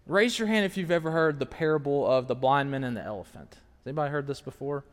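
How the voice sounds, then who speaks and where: Animated male preacher in a reverberant hall. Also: mid-range voice, fast talker. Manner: animated, swings from hushed to shouting, engages the audience. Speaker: pastor. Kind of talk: sermon.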